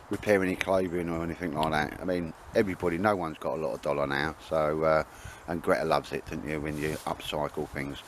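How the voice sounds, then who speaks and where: A man with a low-sitting voice chats casually to the camera while cooking outdoors in woodland, rambling and bantering with plenty of tag questions. There's slight background noise.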